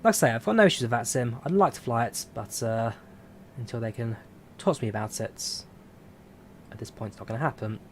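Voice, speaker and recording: A man streaming a flight simulator, chatting casually and answering viewer questions in a relaxed, rambling way. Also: mid-range voice, brisk, a little hiss or hum. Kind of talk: casual live-stream chat.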